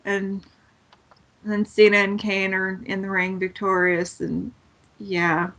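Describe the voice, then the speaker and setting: A woman's voice: medium pitch, little pitch movement, slow, fairly bright tone. A woman co-hosting a podcast, recapping wrestling in blunt, sarcastic casual chat and swearing freely. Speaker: podcast co-host.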